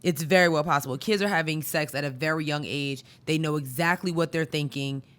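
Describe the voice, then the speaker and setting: Brisk and fairly bright despite her deep voice, a woman co-hosts a podcast in relaxed chat, reflecting conversationally and pushing hard on the main points.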